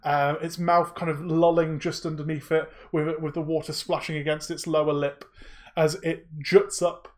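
A man running a tabletop game as game master, narrating scenes in a relaxed, descriptive way with frequent ums. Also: on the high side, moderate pace.

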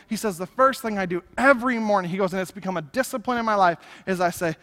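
A man preaching a sermon as pastor, conversational and animated, acting out little asides to the congregation. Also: sits high, brisk. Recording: long hall reverb.

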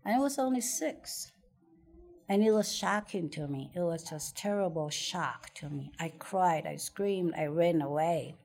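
A middle-aged woman with a lowish voice speaks slowly as she tells a story from her childhood. She hesitates, restarts her words and laughs often. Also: darkish tone. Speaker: interviewee. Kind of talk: personal storytelling in conversation.

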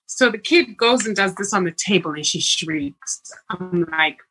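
A woman's voice: mid-range voice, a little slow, breathy edge, faint music behind, poor audio. A woman co-hosting a podcast, telling stories in casual chat and laughing often. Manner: laughing, lively storyteller. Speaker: podcast co-host.

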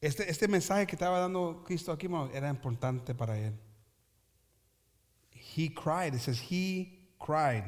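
A man preaching a bilingual sermon who switches between English and Spanish, calls out to the congregation and reads scripture slowly with emphatic repetition. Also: fairly high pitch. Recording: long hall reverb.

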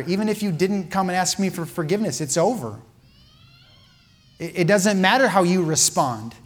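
With a voice that sits high, this male pastor delivers an emotional sermon, moving from loud emphasis down to hushed, quiet passages.

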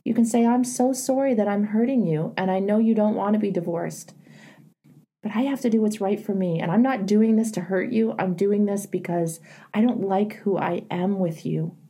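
A woman's voice: mid-range voice, moderate pace, warm tone, slightly rough. A middle-aged woman hosting an advice show, earnestly coaching a caller in a plainspoken, emphatic way.

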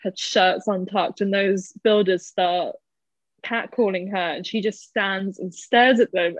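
A woman talking through a film in a relaxed, animated way, laughing as she mimics characters. Her voice sits mid-range, and the recording sounds muffled and dry, close to the mic in a small space. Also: mid-range voice, no echo. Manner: animated, laughs and acts out quoted lines. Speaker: podcast co-host discussing a film. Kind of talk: casual chat.

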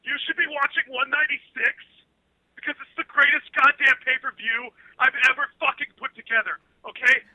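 A man's voice: extremely high pitch, no room sound. A man impersonating a brash, foul-mouthed male fight promoter in an aggressive, profane rant over a dull phone line.

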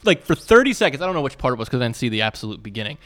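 A man's voice: mid-range voice, racing. A man in his thirties co-hosting a podcast, rambling and telling stories with lots of fillers. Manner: rambling, filler-heavy, animated storytelling. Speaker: podcast co-host. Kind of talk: casual chat.

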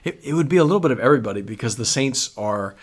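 Male priest, radio interview guest, animated storyteller with frequent restarts. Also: mid-range voice, racing.

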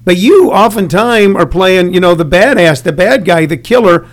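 A man's voice: sits high, moderate pace. A man interviewing a guest, rambling and hesitant, with many fillers. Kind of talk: conversational interview.

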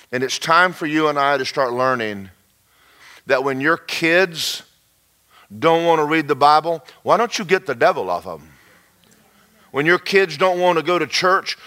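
A man preaching to a congregation, with a bright, forceful voice pitched a little high. He swings between loud emphatic lines and low, quiet asides, acting out folksy little dialogues as he goes. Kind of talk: sermon.

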